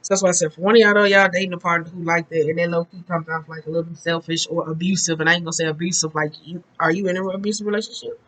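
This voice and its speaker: A woman's voice: lowish voice, steady tone, racing, hardly any pauses, fairly bright tone, low-quality recording. Woman tarot reader, casual and blunt, swears freely, loose rambling delivery. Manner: blunt and profane, chatty and rambling. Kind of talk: casual tarot card reading.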